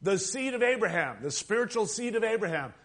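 A man's voice: sits high, very animated, fairly quick, fairly bright tone. A man preaching a sermon, with an emphatic delivery that swells and drops as he makes his points. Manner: emphatic, rising and falling preaching cadence.

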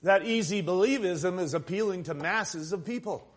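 A man's voice: sits high, normal speed. A man preaching a sermon, with an emphatic delivery that swells and drops as he makes his points. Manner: emphatic, rising and falling preaching cadence.

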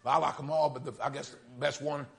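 A man preaching, retelling a story in folksy speech and building to fervent, near-shouted peaks. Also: fairly high pitch, little pitch movement, quick pace, creaky. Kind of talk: storytelling sermon.

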